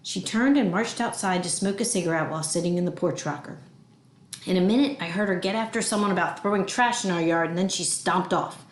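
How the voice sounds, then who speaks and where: A woman reading a children's novel aloud with expressive storytelling. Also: fairly low pitch, fairly quick, echoey room. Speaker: audiobook reader.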